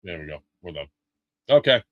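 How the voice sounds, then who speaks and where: A man's voice: low voice, very animated, normal speed, no echo, highs cut off. Joking, swearing middle-aged male toy streamer. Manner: joking, swears casually, rambles with fillers. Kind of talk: casual live-stream unboxing chat.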